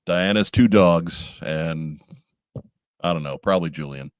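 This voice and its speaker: A man hosting a casual podcast with dry, wry jokes. He sounds congested and hoarse from a chest cold. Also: low voice, unhurried, no echo. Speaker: podcast host.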